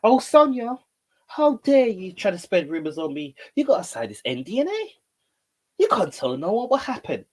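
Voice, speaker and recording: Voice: mid-range voice, huge pitch swings, normal speed, voice pushed up. A channel host voicing a whiny, indignant rapper who keeps repeating himself in outrage. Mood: outraged whine.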